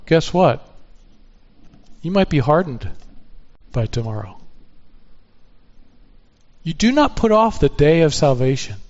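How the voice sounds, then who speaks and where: A man's voice: fairly high pitch, a little mellow, muffled recording. A man preaching a sermon in an earnest tone, often asking rhetorical questions. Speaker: pastor.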